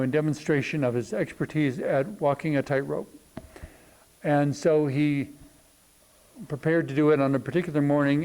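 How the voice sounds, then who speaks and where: A man hosting a reflective talk on spirituality, thinking aloud with many pauses and fillers. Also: a little high, warm tone, low-quality recording. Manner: thoughtful, unhurried, many ums and pauses.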